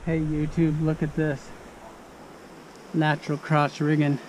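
A man's voice: fairly high pitch, completely flat delivery, measured pace, darkish tone. A man working as an arborist, joking and chatting casually to camera outdoors at a tree site. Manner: joking, chatty, talks while eating. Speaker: arborist filming tree work. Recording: noisy outdoor recording.

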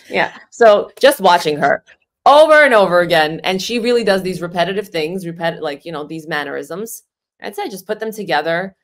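A woman comedian and impressionist talks casually on a podcast in a lowish voice. She is snarky and self-assured and leans on "you know" and "like." She comes across as easygoing and chatty. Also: animated, moderate pace.

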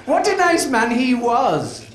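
A man doing a shrill gossiping old woman. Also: sing-song, very noisy. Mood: gossipy. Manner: drawn-out, sing-song falsetto. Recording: echoey live club, loud crowd laughter.

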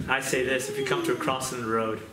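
A man's voice: mid-range voice, little pitch movement, fast talker, over a noisy crowd. A man preaching a testimony sermon, telling his story earnestly and repeating his points for emphasis. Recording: echoey room with loud noise.

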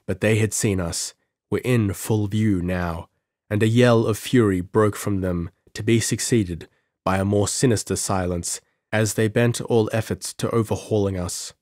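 A man narrating a pulp adventure story in an audiobook with measured, dramatic delivery. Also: lowish voice, fairly even intonation, a little mellow, no echo, clean studio sound.

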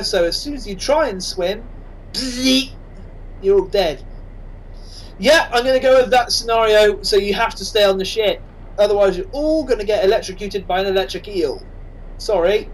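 A man casually commentating on his own game, excitable and self-mocking. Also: high voice, a little hiss or hum, rough recording. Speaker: gaming channel host.

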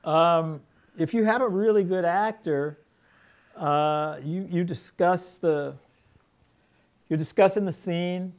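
Animated middle-aged male storyteller. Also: high voice, takes it slowly, long pauses. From United States. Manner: animated storyteller, acts out quoted dialogue, many restarts. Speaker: film director, guest. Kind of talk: interview conversation, storytelling.

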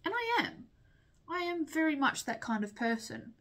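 A woman's voice: high voice, big pitch swings, moderate pace, a bit bright. A young woman chatting candidly while doing her makeup, rambling and sniffling as she talks. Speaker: vlogger.

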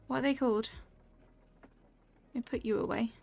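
A woman's voice: a little high, steady tone, normal speed, vocal fry, darkish tone. A young woman streaming a cozy game, chatting casually and reacting aloud to what happens on screen while answering her chat.

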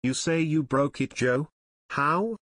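A man's voice: mid-range voice, big pitch swings, no echo. A man voicing a stern, peppery older aunt who questions her nephews sharply, read for an audiobook. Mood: incredulous. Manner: brisk, sharp cross-examining.

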